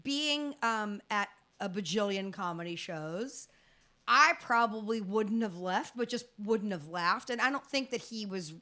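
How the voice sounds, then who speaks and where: Female podcast co-host, casual and agreeable, bright voice. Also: mid-range voice, animated, unhurried. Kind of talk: casual chat.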